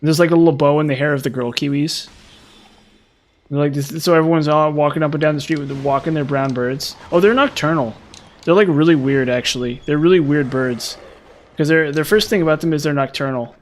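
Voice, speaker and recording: A man's voice: fairly high pitch, brisk, a little hiss or hum. A man chatting casually while playing a video game, rambling with lots of fillers and restarts. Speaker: gaming streamer.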